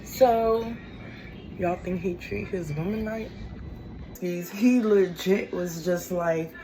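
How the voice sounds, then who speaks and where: Low-voiced sassy woman ranting. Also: rough recording. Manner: blunt, sassy, drawn-out and expressive. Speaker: vlogger. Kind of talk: casual storytime rant. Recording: noticeable background noise.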